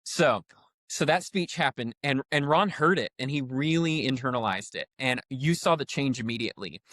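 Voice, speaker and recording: A man telling a workplace story with lively retold quotes in a casual podcast conversation. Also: medium pitch, moderate pace, no room sound, clean studio sound. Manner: animated storyteller, acts out quotes. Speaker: podcast guest, roofing company leader.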